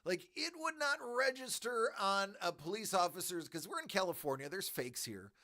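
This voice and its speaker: Man, host, casual storytelling, animated, joking, bright voice, jumps all over in pitch. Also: normal speed. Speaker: collectibles channel host.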